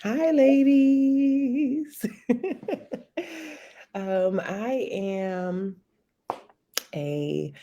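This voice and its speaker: A woman about forty, a guest in a casual interview, telling her story in a relaxed way and laughing easily. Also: on the high side, drawn-out words, pauses often, lo-fi sound. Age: 40s. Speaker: guest, private chef.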